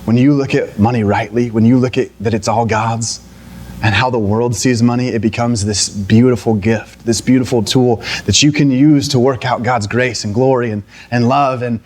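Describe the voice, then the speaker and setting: A man's voice: medium pitch, fairly even intonation, moderate pace, darkish tone, a little hiss or hum. A young adult man preaching a sermon in a conversational way, often restarting and then climbing into emphatic, pleading passages. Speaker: pastor.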